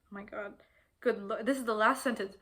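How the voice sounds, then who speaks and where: A woman's voice: medium pitch, steady tone, a little fast, sharp tone. Gushing young woman rambling about books. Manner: rambling and gushing, many fillers and restarts. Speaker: book vlogger. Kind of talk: casual chat about books.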